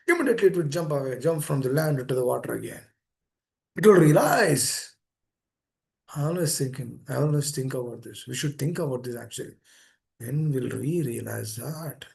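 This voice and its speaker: A man giving a devotional talk to devotees, earnest and pleading, repeating phrases as his voice swings between soft and emphatic. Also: mid-range voice, expressive, normal speed, creaky. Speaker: speaker at a temple meeting. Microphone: online meeting room.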